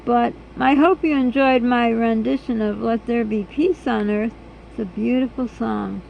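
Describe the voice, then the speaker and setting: Woman, hoarse and gravelly, slow talker, rambling casual vlog chat. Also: a little high, dull audio, slight background noise. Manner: rambling, earnest and chatty. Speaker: vlogger.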